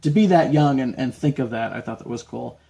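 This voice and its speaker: A man hosts his podcast in a relaxed, chatty way. He tells stories and acts out the people in them with lively, raised voices. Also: mid-range voice, fairly quick, vocal fry, a crowd in the background. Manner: animated, acts out quotes in shouts. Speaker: podcast host. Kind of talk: casual storytelling chat.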